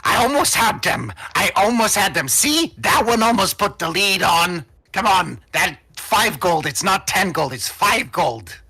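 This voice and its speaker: A man playing a shrill, cranky old gnome. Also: wildly swooping pitch, measured pace, full character voice. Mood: exasperated. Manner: shouting, high-pitched and wheedling. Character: aged male gnome crook, cranky and pushy.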